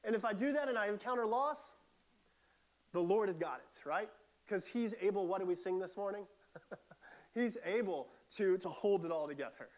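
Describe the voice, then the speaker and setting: High-voiced man preaching conversationally. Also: expressive, moderate pace. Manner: conversational, earnest, with many restarts and fillers. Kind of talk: sermon.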